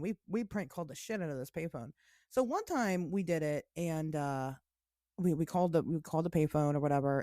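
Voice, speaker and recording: A woman's voice: lowish voice, dark tone, no echo, studio quality. A woman co-hosting a podcast, telling a rambling story with lots of laughs and swearing. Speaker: podcast co-host. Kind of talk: casual storytelling chat.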